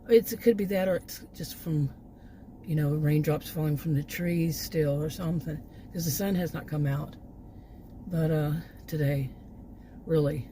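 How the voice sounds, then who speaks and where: A rather low-pitched woman with a worn, hoarse voice talks casually from behind the wheel, wandering between thoughts and laughing under her breath. Loud road and engine noise runs beneath her voice. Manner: meandering, frequent restarts and soft laughs. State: voice worn out, hiccups. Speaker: vlogger doing food deliveries. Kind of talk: rambling casual chat while driving. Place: inside a car on the road.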